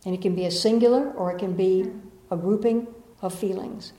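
A woman, leading a group workshop in a room and moving from playful asides to slow, soothing guidance. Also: medium pitch, steady tone, mellow. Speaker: workshop facilitator. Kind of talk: guided group workshop talk. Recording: echoey room.

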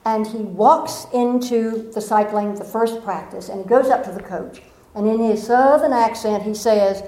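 Woman motivational speaker, higher voice, animated storyteller, roomy echoey sound. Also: normal speed. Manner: storytelling, animated, playful asides. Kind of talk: inspirational talk to a live audience. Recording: echoey room.

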